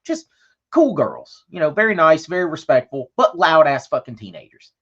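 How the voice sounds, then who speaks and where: His voice sits fairly high and has a sing-song, slightly rough quality at normal speed, though the audio is dull. As a podcast co-host in a casual storytelling chat, he tells a long, profane, rambling story and acts out what others said.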